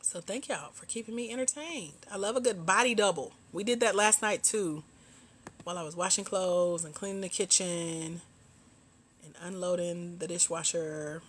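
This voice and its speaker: A middle-aged woman from Georgia in the US South hosts a casual livestream chat with her viewers, speaking in a lowish voice at a moderate pace. She laughs often and calls her viewers "girl" and "y'all."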